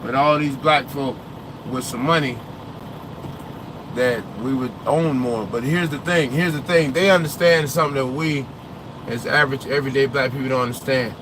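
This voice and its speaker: A man's voice: mid-range voice, fairly even intonation, normal speed, noisy background. A young man, a trucker vlogger, chats casually from inside his truck cab, answering viewer comments in a rambling, opinionated way and sometimes losing his train of thought.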